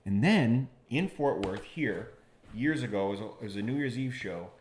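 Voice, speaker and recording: A man, a comedian guest on a podcast, telling stories in casual chat, halting and repeating words, lively when he quotes others. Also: fairly low pitch, slight background noise.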